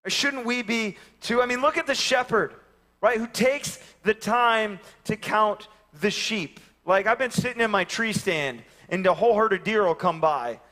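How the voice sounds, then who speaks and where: Bright-voiced, animated pastor. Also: male voice, high voice, moderate pace. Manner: animated storytelling, acting out voices. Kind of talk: sermon with personal stories. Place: church sanctuary.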